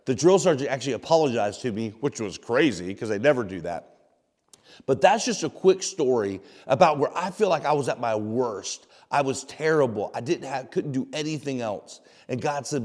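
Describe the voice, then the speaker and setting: A man's voice: mid-range voice, animated, normal speed, a little mellow. Guy doing a morning devo, earnest and folksy, lots of hall reverb. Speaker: devotional host. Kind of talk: short devotional talk.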